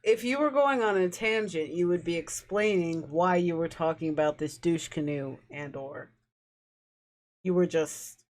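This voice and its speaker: A tipsy woman trades teasing, quick-witted banter in a casual podcast chat. Her voice sits a little low for a woman. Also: a little mellow. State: tipsy from drinking.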